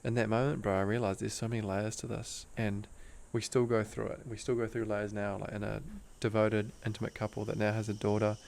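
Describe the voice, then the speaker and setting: This is a man with a low, gravelly voice. He tells a personal story in easygoing slang. His delivery stays flat and earnest, and it often drops to a soft hush. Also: a little fast, hardly any pauses. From Australia. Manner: laid-back slang, calls the host bro; earnest and emotional, drifts into soft hushed tones. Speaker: guest, breathwork teacher.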